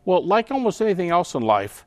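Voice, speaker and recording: A man being interviewed as a guest who explains his ideas in a lively way. He often slips into acting out other people's voices. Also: high voice, brisk, no echo. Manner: animated, acts out quoted voices.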